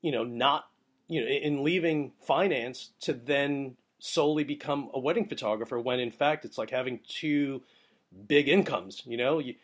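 A young adult man talking casually to his listeners about wedding photography, rambling through a story with plenty of fillers. His voice sits at an ordinary middle pitch and jumps up in excitable bursts. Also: moderate pace. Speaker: wedding photographer, podcast host. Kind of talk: casual advice monologue.

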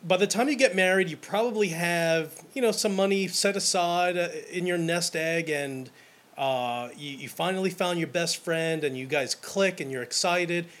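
A man's voice: sits high, moderate pace. A young man, a wedding photographer, talking casually and enthusiastically about his work, with frequent restarts. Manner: energetic and enthusiastic, many restarts. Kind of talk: casual monologue to camera.

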